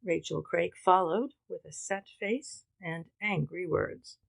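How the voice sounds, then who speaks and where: A woman narrating a mystery audiobook in a measured, dramatic reading. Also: fairly low pitch, vocal fry, husky, dry recording, low-quality recording. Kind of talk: scripted narration.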